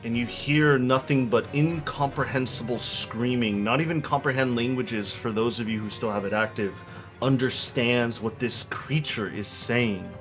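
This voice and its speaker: A man running a tabletop game as game master, narrating dramatically and slowing down for effect, with frequent restarts. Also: medium pitch, a bit bright. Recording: dull lo-fi recording, faint music.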